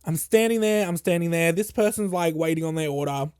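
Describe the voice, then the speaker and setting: A male podcast host telling a casual, animated story full of swearing, acting out what other people said. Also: fairly high pitch, a little fast, smooth, no room sound, clean studio sound. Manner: animated, profane, acts out quoted people.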